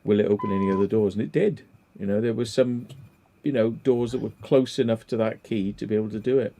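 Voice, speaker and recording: A man's voice: medium pitch, brisk, dark tone. A man hosting a casual livestream chat, telling stories in a rambling way full of fillers. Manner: rambling storyteller, many fillers. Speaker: livestream host.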